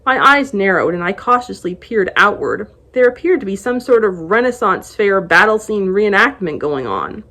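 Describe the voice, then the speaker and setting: Book blogger, female, mid-pitched voice, expressive first-person reading of a novel excerpt. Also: normal speed, hardly any pauses.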